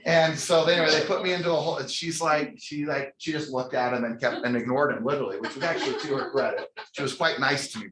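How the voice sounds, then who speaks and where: A man's voice: mid-range voice, fairly bright tone. A man who is a company CEO, telling a funny, self-mocking story from a stage to a live audience, chatty and full of restarts. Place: stage in a large room. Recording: echoey room sound.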